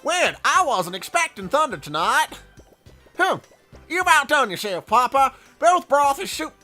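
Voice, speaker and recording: A man voicing a flustered, excitable old male baker with a folksy drawl in a game playthrough. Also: very high voice, measured pace, soft background music, voice pushed up, full character voice. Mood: proud. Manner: folksy drawl, frantic and loud.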